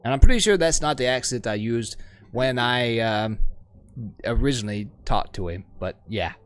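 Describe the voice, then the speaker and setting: A man's voice: medium pitch, expressive, normal speed, fairly bright tone, smooth. A man streaming a game, reading its story aloud and joking about his own voices in a chatty, self-mocking way.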